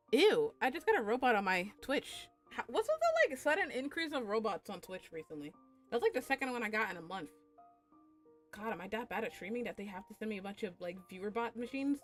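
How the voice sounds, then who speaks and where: A woman's voice: on the high side, big pitch swings, normal speed, pauses often, faint music behind. A young adult woman chatting casually on a live stream, rambling and swearing with lots of filler words.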